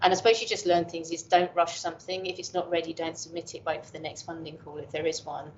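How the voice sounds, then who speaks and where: Low-voiced English woman in her fifties. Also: level tone, quick pace, a little hiss or hum. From England. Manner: candid, chatty, self-deprecating. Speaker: professor guest. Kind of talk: reflective casual interview talk. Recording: dull lo-fi audio.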